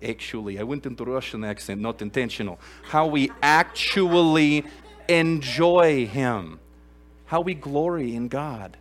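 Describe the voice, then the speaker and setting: A man preaching a sermon to a live congregation in a church, emphatic and earnest, swinging from loud exclamations to quiet asides and asking the room questions. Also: mid-range voice. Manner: addresses the congregation directly with questions. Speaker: pastor.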